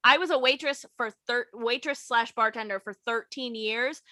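A young woman venting in casual conversation, her voice high and bright. She tells blunt, profane stories and mimics the customers. The sound is dry and close, with no room echo. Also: normal speed. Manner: blunt, profane storytelling with mocked customer quotes. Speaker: former waitress and bartender. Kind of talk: casual chat.

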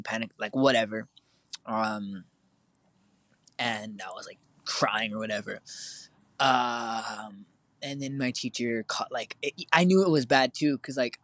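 A man's voice: mid-range voice, fairly bright tone, no echo. Casual teen guy podcast host, lots of "like" and "um", totally dry sound. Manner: rambling, filler-heavy storytelling. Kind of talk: casual chat.

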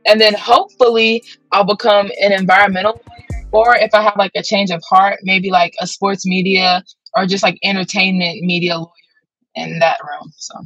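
A woman's voice: mid-range voice, fairly even intonation, moderate pace, fairly bright tone, no room sound, faint music behind, low-quality recording. A young woman athlete answering interview questions in a chatty, upbeat way, full of "like" fillers. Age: young adult. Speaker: guest athlete. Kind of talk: casual interview.

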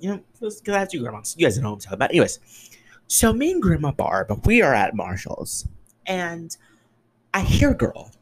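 A young man hosting a solo podcast, ranting in an exasperated, sarcastic way and swearing freely, jumping between loud outbursts and muttered asides. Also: mid-range voice, slight background noise. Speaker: podcast host.

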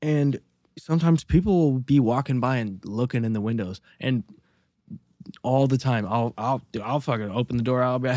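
A man's voice: mid-range voice, normal speed, warm tone, no echo, studio quality. A man co-hosting a casual podcast, telling rambling stories full of restarts and swearing. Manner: rambling, profane, storytelling with many restarts. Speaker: podcast co-host.

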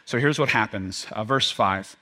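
A man preaching a sermon to his congregation, animated and joking, often acting out the voices of the people in the story. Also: on the low side, moderate pace. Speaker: pastor.

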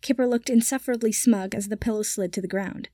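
A woman narrating a fan fiction audiobook in a steady, even storytelling manner. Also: medium pitch, fast, no room sound, studio quality. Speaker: podfic reader.

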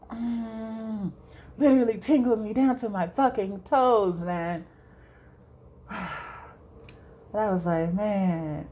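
A woman's voice: medium pitch, warm tone. A young woman hosting a solo podcast, rambling casually, swearing freely and laughing often. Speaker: podcast host.

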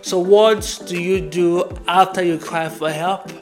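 A man's voice: high-pitched, fairly even intonation, slow, music in the background. A man preaching a devotional podcast sermon, earnest and repetitive, reading Bible verses aloud.

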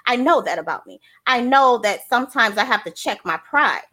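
Woman, high voice, bright tone, energetic coach, emphatic, repeats herself. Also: moderate pace. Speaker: transparency coach. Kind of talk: casual chat.

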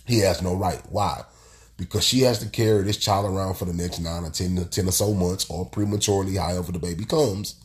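A very deep-voiced man talks through a solo podcast. His voice is stuffy and congested from illness. He rambles and circles back, repeating phrases with plenty of "you know.". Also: steady tone, a little fast. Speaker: podcast host. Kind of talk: casual solo podcast monologue.

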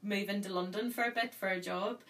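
A woman in her thirties with a Northern Irish accent, telling a story in casual chat and acting out the quotes with lively energy. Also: medium pitch, brisk. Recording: distant mic with faint noise.

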